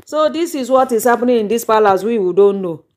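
Her voice a little high and her delivery fairly quick, the young woman with a Nigerian accent retells gossip for her YouTube channel in a vivid, exclamatory storytelling manner over a microphone.

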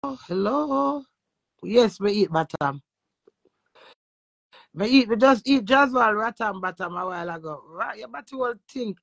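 A Jamaican woman with a medium-pitched, expressive, creaky voice rants a little slowly on an Instagram live, leaving long pauses. She is brash, crude, and defiant toward her critics, a social media personality streaming from her phone, with no room sound.

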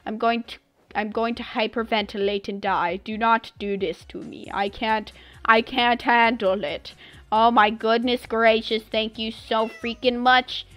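A woman's voice: a little high, steady tone, unhurried, fairly bright tone. A young woman streaming a game live, effusively and dramatically thanking her viewers with lots of exclamations.

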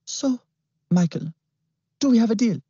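A man voicing a mysterious, persuasive businessman who talks calmly and smoothly. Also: very high voice, a little slow, dry recording, pitched above the performer's own voice, full character voice. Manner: calm, smooth, bargaining. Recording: dull lo-fi recording.

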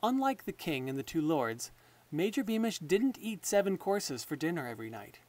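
A man reading a children's novel aloud as audiobook narration, in a measured storytelling manner. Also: on the high side, big pitch swings, darkish tone. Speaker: audiobook reader.

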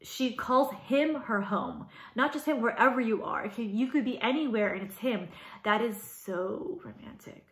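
A woman teacher giving a casual, animated video lecture, talking with lots of fillers. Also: on the high side, moderate pace. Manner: chatty and animated, many fillers. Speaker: high school English teacher. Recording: roomy echo.

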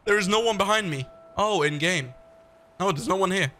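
A man doing excitable, joking let's-play commentary on a horror game from his bedroom gaming setup. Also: high voice, moderate pace, background noise. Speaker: gaming YouTuber.

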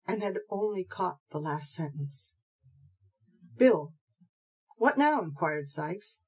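A woman narrating an audiobook of a classic novel in a steady, measured way. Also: fairly low pitch, slightly rough, low-quality recording. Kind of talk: scripted narration.

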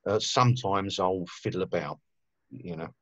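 A man's voice: low voice, big pitch swings, normal speed, gravelly, a bit bright, dry recording, highs cut off. A man, a guest telling rambling stories with lots of fillers and swearing in a casual conversation. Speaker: guest musician.

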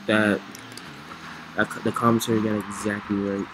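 A man giving excitable let's play commentary, reacting loudly to the plays. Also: on the low side, normal speed, pauses often. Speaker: gamer. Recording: noisy with game sounds behind.

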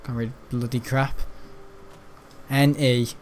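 A man's voice: mid-range voice, level tone, takes it slowly, slight background noise. A man rambling chattily as host of gameplay commentary, with casual swearing and restarts. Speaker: gaming channel host.

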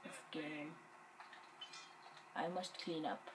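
A woman giving casual gameplay commentary, excitable and jokey, muttering and whispering to herself. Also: low voice, takes it slowly, noisy background.

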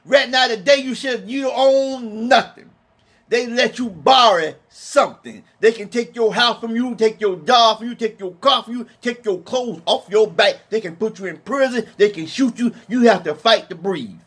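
A man teaching from the Bible in an emphatic, colloquial sermon, slowing down to read scripture. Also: extremely high pitch, a bit bright, breathy edge. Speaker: preacher.

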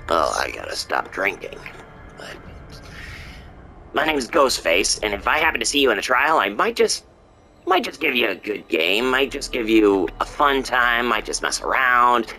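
A man's voice: mid-range voice, big pitch swings, moderate pace, sharp tone, slight background noise. A man voicing a goofy masked slasher who rambles and trails off into mutters. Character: goofy masked slasher forgetting his lines.

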